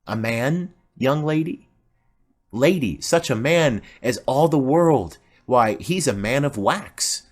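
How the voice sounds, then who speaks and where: A man's voice: medium pitch, expressive, takes it slowly, pitched above the performer's own voice. A man voicing a chatty, rambling old female nurse in an audiobook play reading. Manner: rambling, garrulous.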